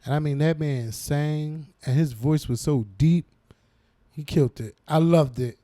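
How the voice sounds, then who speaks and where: A high-voiced man chats loosely and profanely about last night's TV, laughing often. The sound is close and dry, with no room behind it. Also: measured pace, no room sound. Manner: animated, profane, laughs often, slips into quoting others. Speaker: podcast co-host. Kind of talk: casual chat about TV and celebrity gossip.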